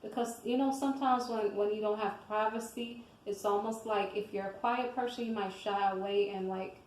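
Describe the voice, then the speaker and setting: A woman's voice: mid-range voice, fairly even intonation, moderate pace, echoey room, slight background noise, low-quality recording. A woman giving casual devotional commentary on scripture, talking in a rambling conversational way and often checking in with her listeners.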